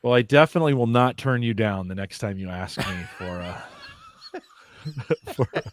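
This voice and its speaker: A man's voice: medium pitch, animated, normal speed, a little hiss or hum. A man co-hosting a podcast, teasing and playful in casual chat. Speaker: podcast co-host.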